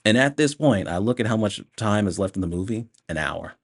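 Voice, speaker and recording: A man talks through a movie review in a relaxed, unscripted way. His voice sits on the low side. He rants with plenty of profanity and breaks often into laughter. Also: brisk, hardly any pauses. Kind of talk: casual spoken movie review.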